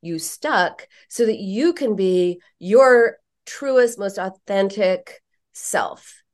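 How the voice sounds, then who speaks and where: A woman psychotherapist telling a story in a podcast interview, animated, emphatic and frank. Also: mid-range voice, extremely slow.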